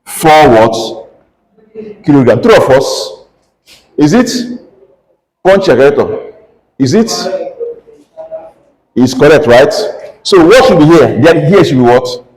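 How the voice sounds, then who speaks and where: A man with a Nigerian English accent teaches a pharmacy calculation lesson, pitching his voice somewhat high. He keeps asking the class "what?" to have them finish each step aloud. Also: animated, slow, pauses often, darkish tone, poor audio. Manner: call-and-response questioning, asks "what?" constantly. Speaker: pharmacy lecturer. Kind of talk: classroom lecture.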